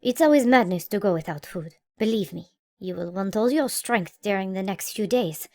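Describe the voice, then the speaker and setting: A woman voicing a proud, stern old male naval admiral in an audiobook, brisk and commanding, recorded dry and close. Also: medium pitch, lively intonation, a little mellow, no room sound, lightly acted. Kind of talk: audiobook character voice.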